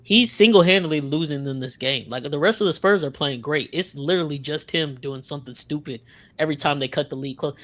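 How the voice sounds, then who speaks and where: A man co-hosting a podcast, reacting to a live game with blunt, swearing, excitable remarks. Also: a little high, fairly quick, slight background noise. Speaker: podcast co-host.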